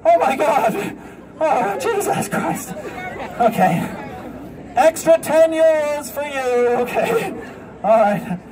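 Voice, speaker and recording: High-pitched man, street performer, joking with volunteers, distant mic, crowd and traffic noise. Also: very animated, takes it slowly, pauses often. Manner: joking, bossing volunteers around. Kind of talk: street show patter with crowd. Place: outdoor street show in a city. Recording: distant outdoor crowd recording. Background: crowd laughing and street noise.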